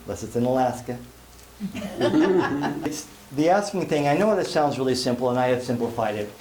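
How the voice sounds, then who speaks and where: A man's voice: mid-range voice, fairly quick. A man giving a live sales seminar at a conference, telling folksy, self-deprecating stories with jokes. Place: conference hall before an audience. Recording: echoey live hall, faint room noise.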